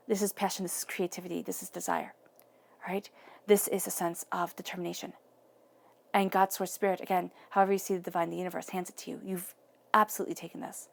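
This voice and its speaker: A woman's voice: mid-range voice, vocal fry, darkish tone. A woman giving an earnest, encouraging tarot reading, often repeating phrases for emphasis. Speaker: tarot reader.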